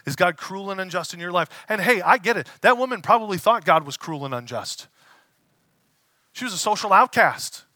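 A man preaching a conversational sermon as a pastor, casual and animated, acting out the voices he quotes. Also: high voice, a little fast, no echo.

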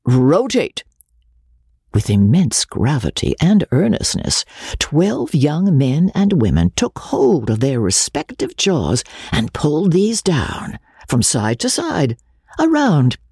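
Woman reading an audiobook, low gravelly voice, slow and unhurried, dry sound. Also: no echo. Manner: measured, expressive literary reading. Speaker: audiobook narrator. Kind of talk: scripted narration.

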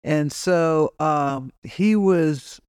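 A woman's voice: low voice, extremely slow, a little mellow, clean tone, dry recording, clean studio sound. A woman guest on a podcast telling a story about her son, acting out the dialogue in her own voice. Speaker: guest, bereaved mother. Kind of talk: podcast conversation.

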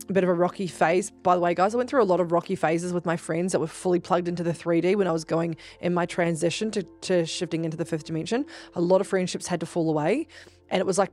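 A young woman with a somewhat low voice hosts a podcast, telling her story in a candid, casual way. She swears freely and keeps things expressive and chatty. Faint music plays behind her. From New Zealand. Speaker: podcast host.

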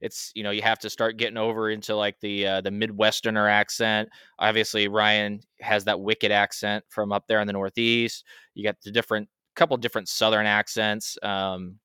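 A man with a Pacific Northwest American accent muses easygoingly in a lowish, smooth voice. The recording is close and dry. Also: completely flat delivery, moderate pace, sharp tone, no room sound. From Washington State, USA. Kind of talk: casual podcast chat.

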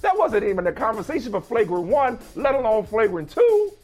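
A man hosting a sports debate show, venting in exaggerated mock outrage and shouting at times. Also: high voice, very animated, brisk, faint music behind. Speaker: sports talk show host.

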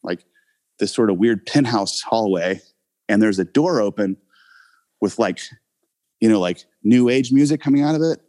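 Low-voiced man rambling through an anecdote. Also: lively intonation, normal speed, long pauses, dark tone. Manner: rambling, many fillers, laughs often. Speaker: actor, guest telling his story. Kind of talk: casual anecdote in an interview.

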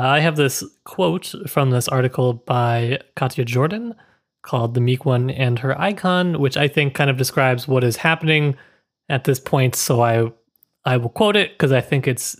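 A man co-hosting a book podcast, relaxed and wry, reading a quote aloud and giving his view. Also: medium pitch. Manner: relaxed, reads a quote aloud, self-deprecating. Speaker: podcast co-host. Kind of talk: casual book discussion.

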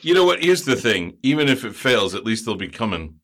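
Casting note: male player, lively pitch swings, bright tense tone, stammers and chuckles. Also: a little fast. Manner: animated, stammers and laughs between lines. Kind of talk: casual tabletop game chat.

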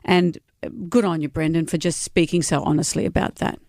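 A woman's voice: deep voice, steady tone, a little fast, creaky, darkish tone, dry recording, studio quality. A woman, a radio co-host speaking emphatically and forthrightly in casual chat.

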